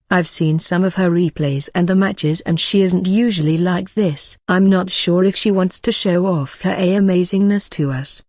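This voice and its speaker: An audiobook narrator reading a first-person story in an even, steady way. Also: mid-range voice, no echo, clean studio sound.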